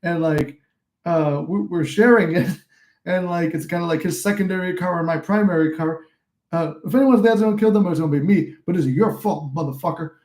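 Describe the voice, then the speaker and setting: In a relaxed livestream chat, a twenty-something man talks at normal speed in a slightly high, darkish voice. He reads comments from viewers aloud and wanders through profane anecdotes.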